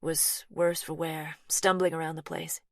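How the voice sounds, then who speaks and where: A woman voicing a softly spoken, anxious American woman with a gentle but firm twang, in an audiobook. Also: deep voice, little pitch movement, measured pace, no echo, clean studio sound.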